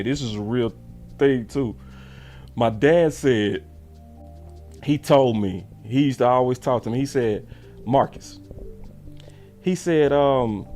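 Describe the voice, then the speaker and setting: A man telling a story in a casual, animated way and acting out the voices of the people he quotes. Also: mid-range voice. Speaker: sports show host.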